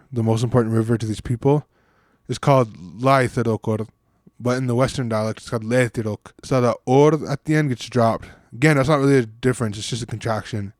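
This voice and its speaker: A man's voice: mid-range voice, a little mellow, no room sound, clean studio sound. A man casually explaining and comparing word pronunciations, now and then stopping to rethink as he talks. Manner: casual, thinking aloud with restarts. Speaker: language hobbyist presenter.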